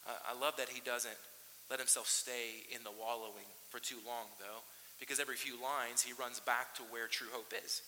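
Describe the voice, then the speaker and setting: A man preaching a sermon as pastor, impassioned, often rising into high emphatic bursts. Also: little pitch movement, moderate pace, bright, forceful tone. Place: church hall. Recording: hissy recording in a reverberant hall.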